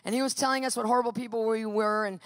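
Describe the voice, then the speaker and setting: A woman telling a personal story in a sermon, lively and animated, acting out what people said. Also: fairly high pitch, very fast, dry recording. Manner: lively, animated storyteller who acts out quotes. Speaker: Christian speaker.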